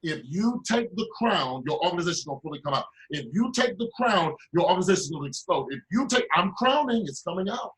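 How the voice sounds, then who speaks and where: High-voiced man giving a fiery pep talk. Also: expressive, fast talker, few pauses. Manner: preachy, repetitive, swings between loud urging and low asides. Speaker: business mentor. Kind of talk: motivational speech.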